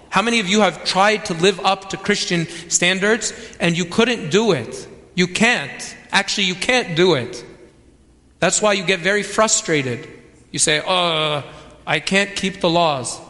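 A man's voice: high voice, measured pace, pushed and bright. A man preaching a sermon, emphatic and repeating key phrases for weight. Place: church. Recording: long reverb of a church hall.

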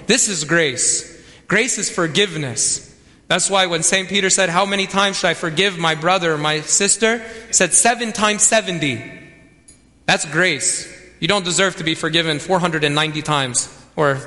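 A man's voice: a little high, normal speed, sharp tone. A man preaching a sermon, emphatic and repeating key phrases for weight. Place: church. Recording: long reverb of a church hall.

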